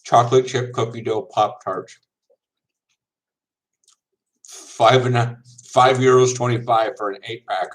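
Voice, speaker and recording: A man's voice: medium pitch, fairly even intonation, measured pace, long pauses, low-quality recording. A man from the United States chatting casually as a vlogger, wry and sarcastic. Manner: wry, sarcastic, laughs often. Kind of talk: casual chat.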